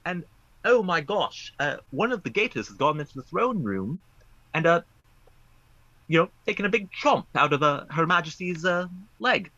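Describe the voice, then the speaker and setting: A man putting on a brash, slangy Cockney accent to voice an excitable gossiping London bloke. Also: a little high, moderate pace, muffled recording, pitched above the performer's own voice, full character voice. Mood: gossipy. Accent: put-on Cockney.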